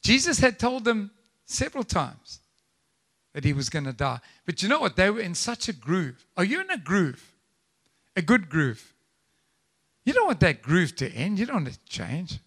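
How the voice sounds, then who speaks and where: A man preaching a live church sermon, animated and conversational, with frequent asides and rhetorical questions to the congregation. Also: sits high, unhurried, pauses often. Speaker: pastor. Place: church service.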